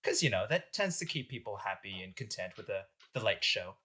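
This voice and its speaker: Casting: young male podcast host, animated and joking, bright voice, lively pitch. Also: a little fast, slightly rough. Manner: animated, joking, filler-heavy. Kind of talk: casual history storytelling among friends.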